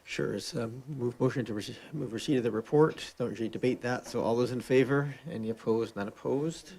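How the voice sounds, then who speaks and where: A man chairing a council meeting, calling on speakers and moving motions briskly. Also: medium pitch, gravelly, a little mellow. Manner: brisk procedural.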